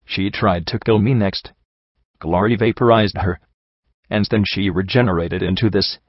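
A man reading the lines of a hoarse, guilt-ridden young mare in an audiobook, firm and rasping. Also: lowish voice, normal speed, no echo, muffled recording, close to an everyday voice. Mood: grim. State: hoarse, with a bruised throat.

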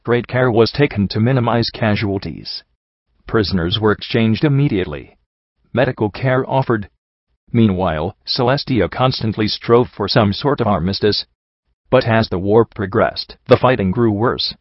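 A man giving measured, somber first-person audiobook narration. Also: fairly low pitch, dry recording, lo-fi sound.

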